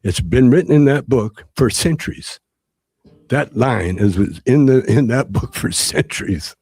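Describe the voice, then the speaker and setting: A man in an interview, telling a rambling story with many halting restarts and fillers. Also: mid-range voice, lively intonation, darkish tone, breathy edge, no room sound. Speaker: interview guest.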